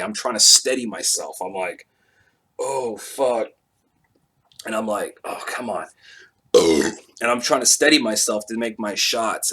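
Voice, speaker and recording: A man's voice: lowish voice, a bit bright. A man telling a long, rambling, profane story in a laid-back way on a live stream.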